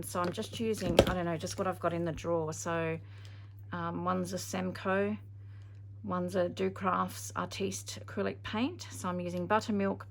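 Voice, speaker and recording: A woman's voice: on the low side, gravelly, slight background noise. A woman narrating a casual craft tutorial, chatty and thinking aloud with frequent ums. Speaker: craft video maker.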